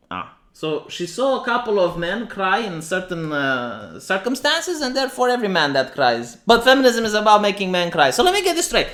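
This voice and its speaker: A man's voice: high-pitched, sing-song, normal speed, few pauses, a bit bright. A man with a Romanian accent giving opinionated, sarcastic livestream commentary, often restarting his sentences. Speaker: streamer.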